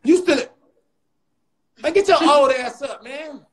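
A man hosting a comedy livestream, throwing loud, mocking, profane insults at another guy. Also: very high-pitched, slow pace, rough recording. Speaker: comedian host.

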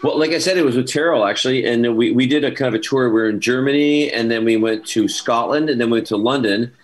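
A man on a video call from home, telling a con anecdote as a panel guest in a lively, rambling way. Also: medium pitch, quick pace, rough recording. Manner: lively storyteller, many restarts and asides. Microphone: video call mic.

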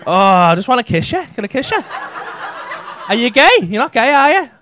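A man's voice: very high voice, very animated, brisk, pushed and bright, a little hiss or hum. A man doing crude, teasing crowd work as a stand-up comedian on a comedy club stage. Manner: brash, crude, teasing banter with constant swearing.

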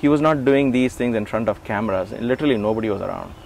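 This man in his forties has a lowish, creaky voice and a quick pace, with a bit of hiss or hum underneath. Interviewed about his memories, he animatedly acts out the voices in his stories, chuckling and restarting as he goes.

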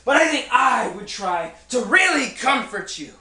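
A man's voice: extremely high pitch, very animated, unhurried, pushed and bright, full character voice. A man playing Job, a suffering man in agony who groans and cries out in a stage play, recorded in an echoey room from far off. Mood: bitter. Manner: anguished, crying out and groaning.

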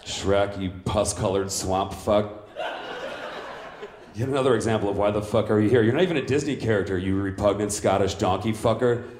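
A man's voice: on the low side, normal speed, a crowd in the background, lightly acted. A man playing a boastful, vain macho villain at a live stand-up roast, brash and crudely insulting everyone in turn. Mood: smug. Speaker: roast comedian in character. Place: comedy club stage. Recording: roomy club sound.

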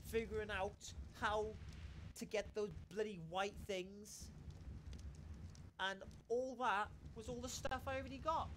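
A man giving excitable let's-play commentary while he plays, exclaiming and swearing often. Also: high-pitched, a little hiss or hum. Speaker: gaming YouTuber.

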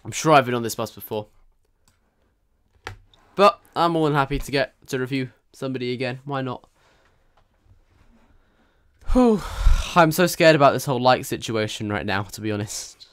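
A man's voice: medium pitch, expressive, normal speed, pauses often, fairly bright tone, clean tone, dry recording. A young man chatting jokily to his viewers while commentating a live game stream. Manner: chatty, jokey, talks to viewers.

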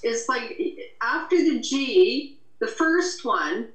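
A woman student asking her teacher a question in a hesitant, halting way. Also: a little high, expressive, a bit bright. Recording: echoey room, far from the mic.

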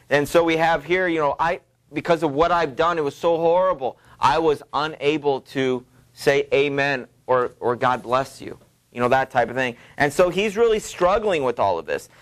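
A male teacher with a medium-pitched voice gives a halting classroom lecture on literature, full of fillers, pausing to read passages aloud.

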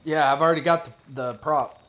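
A man's voice: on the high side, steady tone, brisk, a bit bright, faint music behind. A man giving casual, profane gameplay commentary as a gaming video creator, joking and talking to himself as he plays.

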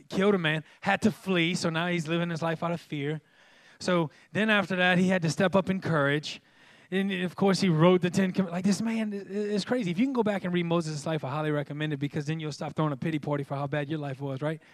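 A man preaching a sermon in church in a lively, joking way, with sudden loud exclamations. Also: fairly high pitch, dry recording, studio quality. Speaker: pastor.

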